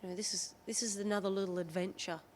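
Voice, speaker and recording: A woman's voice: medium pitch, quick pace, a little hiss or hum. An Australian woman in her thirties, a rugby league player, telling candid stories as a podcast guest, often quoting what others said. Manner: candid, chatty, lively retelling with quoted dialogue. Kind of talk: podcast interview storytelling.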